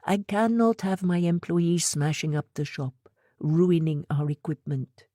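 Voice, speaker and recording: A woman voicing a tall male shopkeeper with a heavy accent who talks in quick, clipped bursts. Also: fairly low pitch, fairly even intonation, warm tone, no room sound, studio quality. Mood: worried. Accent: heavy foreign accent, put on.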